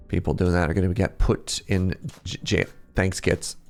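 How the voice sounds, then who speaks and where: A man's voice: sits low, gravelly. A young adult man casually live-streaming a game, chatting with his viewers, reading out their names and laughing often. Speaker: streamer playing an incremental game. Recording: faint game music underneath.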